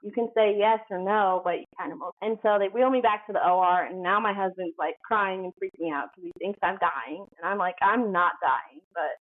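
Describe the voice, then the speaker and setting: Speaking quickly in a mid-range voice with hardly any pauses, this woman is a guest on a podcast. Her storytelling is relaxed and chatty, packed with "like" and acted-out quotes, heard over a phone-like narrow band.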